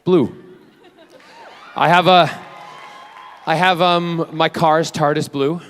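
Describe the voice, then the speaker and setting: A man's voice: fairly high pitch, steady tone, slow, fairly bright tone, a faint crowd, slight background noise. Man, 40s, playful, convention panel Q&A, handheld mic. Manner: playful, chatty, self-teasing. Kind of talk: casual Q&A with fans. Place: convention hall stage.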